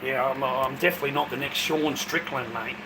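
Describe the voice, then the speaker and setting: An Australian man in a profane, rambling casual chat to viewers, breaking into loud bursts. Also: mid-range voice, steady tone, quick pace, noisy background.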